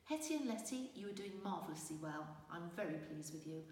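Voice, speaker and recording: Woman doing gentle fairy teacher, warm honeyed voice, reassuring, low-ish pitch, echoey distant sound. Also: lively intonation, brisk, a little hiss or hum. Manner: reassuring, encouraging. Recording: roomy distant reverberant recording.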